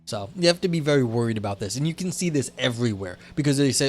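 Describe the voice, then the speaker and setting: A man's voice: mid-range voice, animated, fast talker, faint music behind. A man hosting a livestream, reading a philosophy paper aloud and then explaining it in loose, chatty asides to his viewers. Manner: chats with live viewers between passages. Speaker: livestream host.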